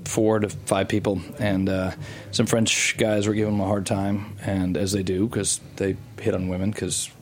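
Rambling low-voiced man telling a story. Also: little pitch movement, moderate pace, darkish tone. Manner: rambling, many restarts and fillers. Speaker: guest. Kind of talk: casual storytelling interview.

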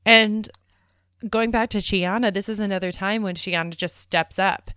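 A woman's voice: medium pitch, steady tone, moderate pace, bright, forceful tone, clear, resonant tone, no room sound, studio quality. A woman co-hosting a podcast, chatting casually about a TV episode with plenty of "like.". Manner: conversational, lots of "like". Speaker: podcast co-host.

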